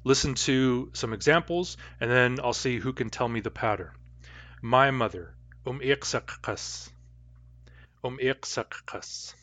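A man teaching a language lesson to a class, patiently explaining grammar and repeating example phrases slowly. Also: medium pitch, a bit bright, no echo.

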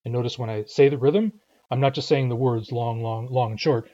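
A man's voice: medium pitch, steady tone, fast talker, muffled recording. A man teaching a language lesson, patiently and methodically demonstrating syllable rhythms aloud.

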